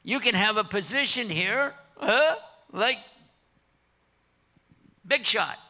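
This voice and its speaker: In a mosque hall, an older preacher speaks slowly in a voice that sits high. His sermon is a story, told with animation and humor as he jokes with the audience and plays each character.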